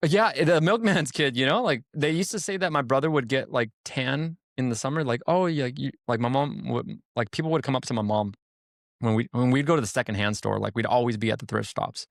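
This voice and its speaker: A man telling stories in casual chat on a podcast, animated and acting out quotes, with frequent swearing. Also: mid-range voice, fairly quick, vocal fry, no room sound, clean studio sound. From Hispanic family background. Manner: animated storyteller, acts out quotes, swears freely. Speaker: podcast guest. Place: podcast studio.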